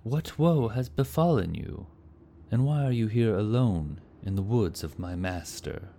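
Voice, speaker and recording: A man's voice: on the low side, animated, unhurried, dark tone, a little hiss or hum, pitched above the performer's own voice. A man voicing a steadfast, grim male knight who speaks in raised, urgent declarations.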